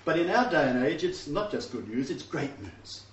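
An emphatic male preacher with a slightly high voice delivers a teaching sermon, pausing to ask his listeners rhetorical questions. He is picked up from a distance in a roomy, echoing hall. The recording sounds dull, with a faint background hiss. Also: sing-song. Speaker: preacher of a messianic congregation.

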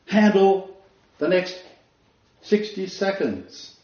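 A man's voice: mid-range voice, expressive, moderate pace. A man preaching a sermon, telling stories dramatically and repeating phrases for emphasis. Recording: roomy, dull lo-fi sound.

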